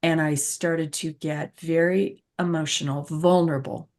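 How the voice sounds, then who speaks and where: In a low, darkish, unhurried voice with fairly even intonation, a woman shares a personal story. She's a patient advocate and host, speaking conversationally with earnest reflection and emphatic repetitions.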